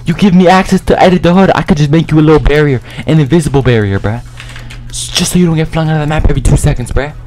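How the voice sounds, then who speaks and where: A young man giving loud, slangy live commentary over his own gameplay, trash-talking other players and often shouting. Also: a little high, racing. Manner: slangy, repeats lines and ends them with "bruh". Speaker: gaming YouTuber.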